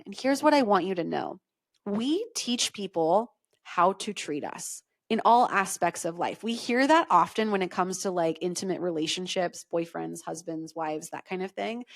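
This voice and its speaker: A middle-aged woman hosting a solo podcast, coaching her listeners in a conversational, emphatic way and often checking in with "okay?". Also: medium pitch. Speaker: podcast host and business coach.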